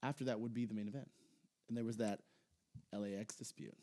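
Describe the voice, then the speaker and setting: A man's voice: on the low side, fairly quick. Male podcast co-host, casual rambling delivery with hesitations. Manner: rambling, hesitant, gets excited. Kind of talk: casual chat recapping wrestling.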